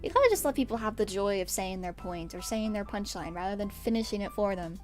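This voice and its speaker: A woman's voice: mid-range voice, animated, fast talker, soft background music. A young woman streamer from America chatting casually, rambling and getting exasperated with bursts of laughter. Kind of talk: casual stream chat ranking pet peeves.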